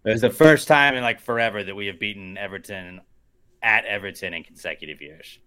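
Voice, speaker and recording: A man in a loose sports-podcast chat, rambling through rants full of fillers. His voice has a bright, sharp edge. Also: lowish voice, brisk, clean tone. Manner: ranting, rambling, many fillers. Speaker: podcast co-host. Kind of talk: casual chat.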